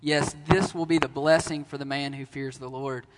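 A man's voice: mid-range voice, fairly even intonation, moderate pace, big-room sound, background noise. A young adult man speaking in a church testimony, easygoing, adding details to his wife's story.

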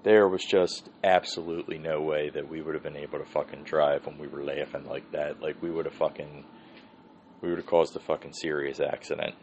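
A man's voice: very deep voice, steady tone, a little fast, a little mellow. A man hosting a podcast, telling a rambling, swear-heavy story and laughing often. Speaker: podcast host. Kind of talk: casual storytelling. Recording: dull lo-fi sound with faint hiss.

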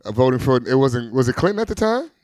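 A man in his forties in casual chat, agreeable and full of quick yeahs. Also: mid-range voice, big pitch swings, darkish tone, dry recording, studio quality. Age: 40s. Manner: agreeable, lots of yeahs and backchannel.

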